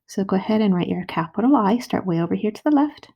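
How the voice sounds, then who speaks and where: A woman teaching first graders to write a sentence, slowly sounding out each word and syllable with patient, clear steps. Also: mid-range voice, lively intonation, muffled recording. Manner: slow, patient, sounding out words. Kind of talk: recorded writing lesson for children. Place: home. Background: dog barking.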